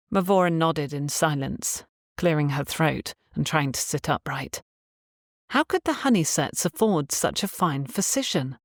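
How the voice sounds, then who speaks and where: A woman reading an audiobook as narrator in a steady, even storytelling manner. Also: low-pitched, unhurried, dry recording, clean studio sound.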